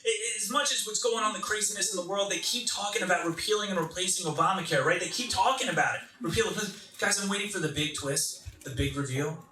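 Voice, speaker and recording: An animated stand-up comedian in his thirties, his voice high and very bright. It rings out roomy and a little distant from the mic, like a club stage with a crowd laughing behind him. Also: fast talker, few pauses. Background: audience laughter.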